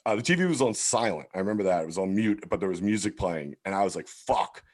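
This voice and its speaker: A man, a comedian guest on a podcast, telling a story in a loose, profane, animated way and acting out the dialogue himself. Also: low-pitched, fast. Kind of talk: casual storytelling.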